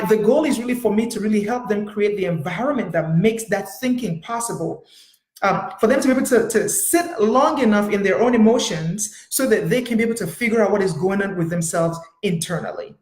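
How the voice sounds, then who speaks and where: A woman's voice: mid-range voice, expressive, brisk, a little mellow, echoey room. A woman therapist sharing a personal story in an earnest, storytelling way, with many fillers. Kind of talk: personal talk to camera.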